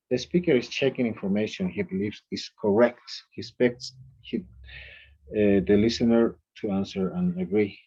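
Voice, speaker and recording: Male English teacher, warm and husky, reading example sentences to a class, dull lo-fi sound. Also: on the low side, normal speed. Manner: explains by reading out example sentences, calls on students. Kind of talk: classroom grammar lesson.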